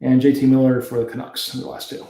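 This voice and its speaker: A man's voice: mid-range voice, little pitch movement, quick pace, creaky, echoey room, noisy background. A Canadian man hosting a card break, casually calling out player names and laughing at the hard-to-pronounce ones. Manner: reads off player names, chuckles at tricky pronunciations. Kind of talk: casual card-opening commentary.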